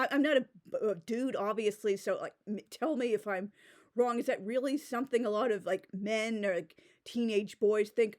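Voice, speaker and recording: Woman, slightly high voice, casual rant, exasperated, many fillers, home mic. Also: darkish tone. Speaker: book reviewer.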